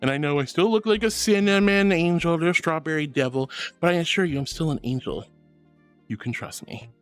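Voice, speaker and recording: A man's voice: on the high side, fairly quick, clean tone, soft background music. A bubbly, affectionate man streaming and chatting casually as he reads out viewer messages. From Florida. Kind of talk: casual chat reading messages.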